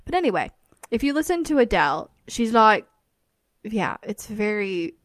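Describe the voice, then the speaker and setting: A woman's voice: mid-range voice, very animated, brisk, no echo. Chatty woman co-hosting a podcast. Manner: chatty and rambling, laughs often. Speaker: podcast co-host. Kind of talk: casual chat.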